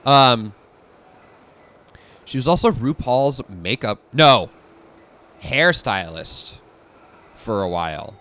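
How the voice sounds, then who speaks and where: Speaking slowly and pausing often, a young man with a medium-pitched voice streams a game while chatting casually. He stays animated throughout, rambling and breaking into giggles.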